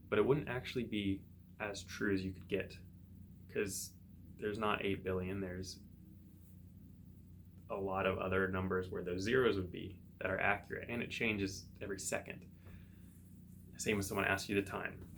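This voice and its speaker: A man, a psychotherapist hosting his own show, thinking aloud in a relaxed solo monologue with everyday examples. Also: deep voice, slight background noise. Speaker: psychotherapist podcast host.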